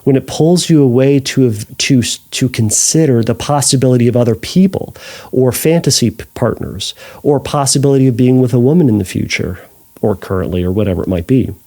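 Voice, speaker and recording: Man, podcast therapist, gravelly, warm low tone, reflective, self-correcting. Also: brisk. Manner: thoughtful, with frequent restarts and self-corrections. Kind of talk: answering a listener's question.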